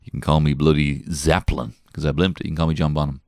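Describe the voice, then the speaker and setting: A man's voice: a bass voice, flat delivery, fast talker, darkish tone, dry recording, studio quality. A man in his thirties telling a rambling comic story as a podcast host, swearing and mocking himself as he jumps into put-on voices. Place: small garden shed.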